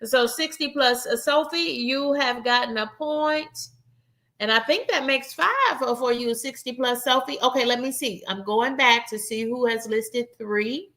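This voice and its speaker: This adult woman, 21 or older, hosts a laid-back game night on a live stream, reading out viewers' answers and chatting with them as "y'all." Her pitch sits fairly high, her tone is sharp, and she talks a little slowly.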